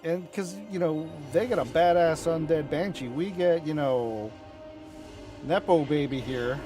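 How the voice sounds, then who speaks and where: A man chatting casually as he reacts to game cinematics, excitable, rambling and profane. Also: fairly high pitch, unhurried, over music. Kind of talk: casual chat.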